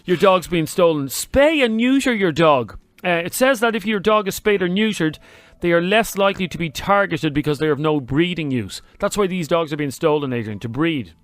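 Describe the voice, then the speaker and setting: Teasing radio co-host. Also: male voice, on the high side, animated, normal speed, dry recording. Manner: teasing, opinionated. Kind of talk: casual chat.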